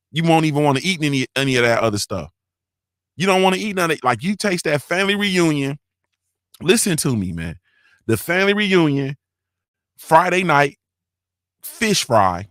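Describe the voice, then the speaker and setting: A man's voice: medium pitch, a bit bright, no echo, studio quality. A man hosting a morning show, talking in loose slang with swearing and laughter, often checking in with his listeners. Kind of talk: casual live-stream chat.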